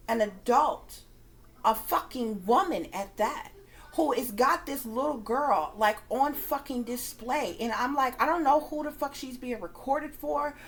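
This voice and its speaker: High-voiced, swearing psychic woman. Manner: emphatic, frequently swearing, acts out her own reactions. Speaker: psychic tarot reader. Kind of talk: casual spoken storytelling to viewers.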